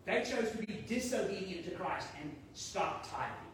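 A man's voice: sits high, normal speed, very echoey, far from the mic, a little hiss or hum, low-quality recording. A man preaching a sermon in a conversational, storytelling way. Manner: conversational, storytelling, animated when quoting. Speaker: pastor.

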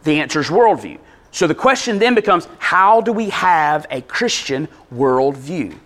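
A man preaching a sermon, telling a story with animated delivery and loudly acting out quotes. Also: fairly high pitch, measured pace. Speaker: pastor.

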